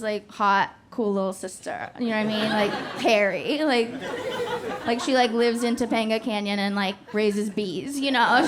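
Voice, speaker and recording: A woman's voice: on the high side, noisy background. A woman in her forties performing a stand-up set, profane and self-deprecating, laughing at her own jokes. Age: 40s. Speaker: stand-up comedian. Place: comedy club stage. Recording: live club with loud audience laughter.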